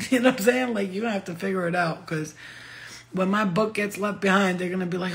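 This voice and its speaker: A woman's voice: medium pitch, quick pace, vocal fry. A middle-aged woman rambling casually and laughing often, full of slang, in a vlog monologue. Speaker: vlogger.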